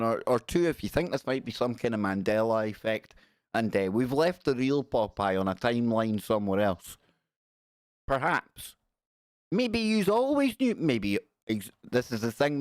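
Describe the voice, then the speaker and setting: A man's voice: mid-range voice, no room sound. Man, forties, rambling live-stream host, joking chat, dry close sound. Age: 40s. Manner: rambling, joking, reads viewer messages aloud.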